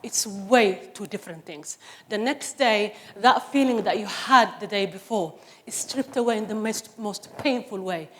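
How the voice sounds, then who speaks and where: A woman's voice: mid-range voice, unhurried, fairly bright tone, a little hiss or hum. A middle-aged woman from Somalia giving an impassioned, emphatic personal testimony on stage. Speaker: speaker. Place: stage before an audience.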